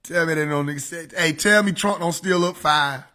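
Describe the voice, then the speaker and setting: A man's voice: fairly high pitch, normal speed, bright, forceful tone. A man chatting casually on a livestream, laid-back and slangy, laughing often. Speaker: livestream host.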